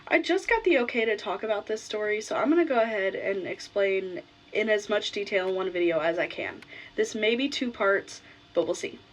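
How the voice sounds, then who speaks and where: A woman's voice: medium pitch, expressive, fairly quick, rough recording. A young adult woman vlogger telling a personal story in a casual, blunt way, swearing freely.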